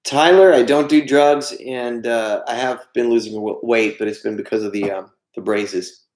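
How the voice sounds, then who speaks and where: A man with a medium-pitched, slightly mellow voice hosts a livestream at a moderate pace, reading out chat messages and answering with jokes at his own expense. It's recorded in an echoey room.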